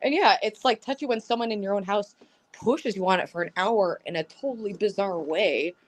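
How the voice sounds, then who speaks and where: A woman's voice: mid-range voice, brisk. A woman guesting on a livestream, talking bluntly with frequent laughs and swearing. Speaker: stream guest. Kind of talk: casual livestream chat.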